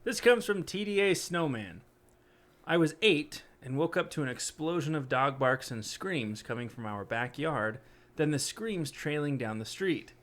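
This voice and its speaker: A man's voice: fairly high pitch, animated, measured pace, a bit bright. A man co-hosting a podcast, reading creepy stories aloud in a casual way and breaking off with blunt, joking reactions.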